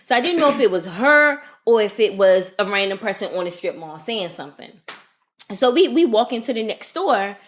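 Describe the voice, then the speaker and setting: A woman co-hosting a podcast, telling a story in a casual, animated rant and swearing freely. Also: mid-range voice, moderate pace. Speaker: podcast co-host. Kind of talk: casual chat.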